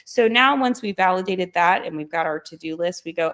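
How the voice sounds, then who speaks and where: A woman's voice: medium pitch, expressive, fairly quick, hardly any pauses, a bit bright. A woman leading a live-streamed morning wellness session as a holistic doctor, chatty and encouraging, often tagging on "you know" and "right?" and repeating self-affirmations.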